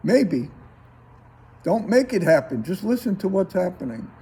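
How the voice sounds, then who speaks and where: Slow, husky male breathing teacher. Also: high voice. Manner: slow, calm, coaxing instructions with pauses. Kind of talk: guided breathing class instruction.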